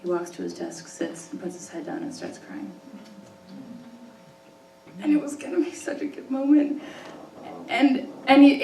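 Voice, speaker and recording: A woman teacher tells a personal story on stage in a casual, conversational way, laughing often and restarting sentences as she goes. Her voice sits at an ordinary pitch. It is picked up from a distance in a large, echoing hall, with a faint hiss behind it. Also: a little mellow. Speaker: high school English teacher. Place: stage in an arts center hall. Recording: roomy hall, distant mic, faint noise.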